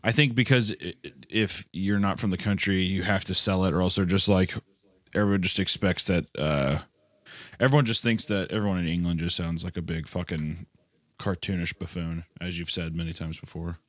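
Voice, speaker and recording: A man's voice: deep voice, steady tone, a little fast, a bit bright, no room sound. A man co-hosting a podcast, trading blunt, crude banter in casual chat. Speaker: podcast co-host.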